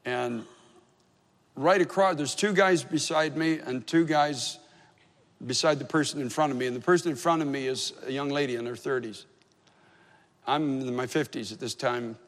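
In a sermon with storytelling, a pastor who is probably in his fifties shares a personal story with conversational, self-deprecating humor. He speaks at medium pitch and normal speed, and the recording has the echo of a reverberant hall.

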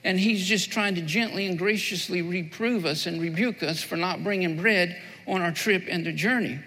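A man preaches in a raised, gravelly voice with a bright, forceful edge. He is earnest and circles back over his key phrases to drive them home. His words ring out with the long reverb of a big hall. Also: high-pitched, moderate pace. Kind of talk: sermon with prayer.

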